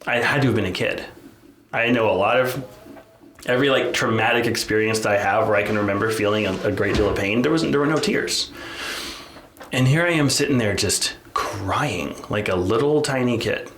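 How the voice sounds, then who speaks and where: A man's voice: lowish voice, moderate pace, a bit bright. A man co-hosting a podcast, telling a personal story in casual, candid chat full of restarts and "like". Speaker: podcast co-host. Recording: roomy echo, faint noise.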